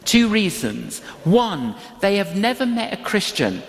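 An older preacher gives a sermon slowly and deliberately, repeating key phrases for weight. The pitch swings widely as the story unfolds. A long hall reverb trails every line. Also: sing-song, gravelly. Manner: emphatic, repetitive, slow delivery.

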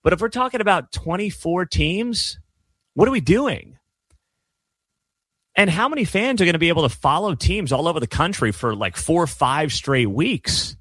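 A man's voice: a little high, lively intonation, moderate pace, a bit bright, no room sound. A middle-aged man hosting his own sports talk channel, delivering a blunt, sarcastic monologue with plenty of exasperation. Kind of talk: opinionated sports commentary monologue.

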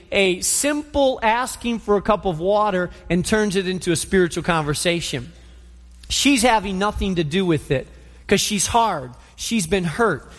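A male pastor who preaches as a storyteller and acts out each scene. His voice sits high, and a long reverb trails after his words in a large hall. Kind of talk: sermon.

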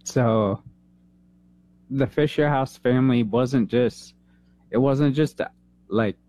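A man's voice: medium pitch, mellow. Earnest man telling a hard personal story. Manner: earnest, halting, holding back tears. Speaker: interview guest, veteran. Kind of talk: emotional personal story in an interview. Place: San Antonio, Texas.

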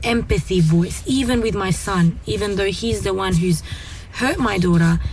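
A mother in a casual discussion who speaks calmly and gently, telling stories about her children. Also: medium pitch, normal speed, slight background noise. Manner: calm, gentle, storytelling with acted quotes. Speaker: parent guest.

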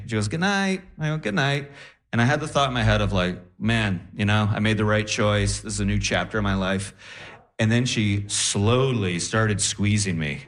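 A young man performing stand-up comedy on a club stage, animated and jumping into squeaky voices for punchlines. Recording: roomy club sound with crowd laughter.

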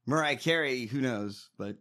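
Sarcastic, bright-voiced male co-host. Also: mid-range voice, moderate pace. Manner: profane, sarcastic, laughs often. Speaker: podcast co-host. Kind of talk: casual political chat.

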